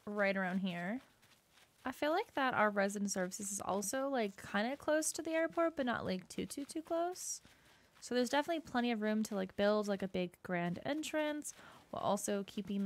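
A woman's voice: mid-range voice, expressive, normal speed. A young woman giving casual gameplay commentary, bubbly and gushing, with lots of filler words. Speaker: gaming YouTuber. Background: soft game music.

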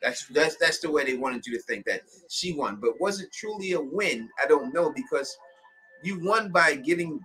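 A man chats as a guest on a livestream. His pitch swings widely and his tone is bright. He tells stories with energy and acts out the lines he quotes. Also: normal speed, faint music behind, low-quality recording. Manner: animated storyteller, acts out quotes. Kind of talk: casual livestream chat.

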